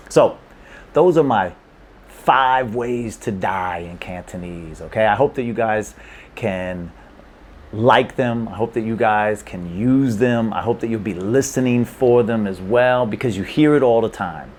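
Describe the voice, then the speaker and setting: Man, lowish voice, casual language lesson, playful, keeps asking "okay?", faint background hiss. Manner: checks in with frequent 'okay?' and 'right?'; laid-back, playful. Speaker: language teacher.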